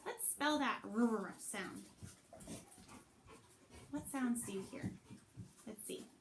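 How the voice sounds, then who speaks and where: Woman, teacher, phonics lesson for young children, slow sing-song delivery, home video with background noise. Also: a little high. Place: her home, with pets around.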